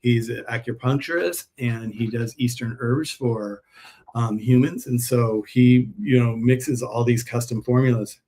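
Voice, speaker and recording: A man hosts a live stream and talks straight to his viewers, telling a long story off the cuff. His voice sits at an ordinary middle pitch, and he often stops and restarts mid-sentence. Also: fairly even intonation, a little slow, dark tone. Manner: rambling storyteller, many restarts. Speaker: host, pet supplement seller.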